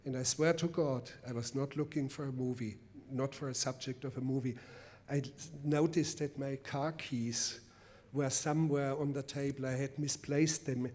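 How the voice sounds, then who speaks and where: A man with a German accent, a film director at a public masterclass, answering a question with a deliberate, emphatic anecdote. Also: medium pitch, fairly even intonation, darkish tone. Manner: deliberate, emphatic storytelling with restarts. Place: festival event before a live audience.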